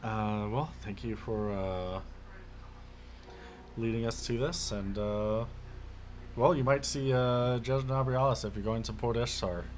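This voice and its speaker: A man narrating a tabletop game as game master, halting with many fillers. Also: medium pitch, steady tone, slight background noise.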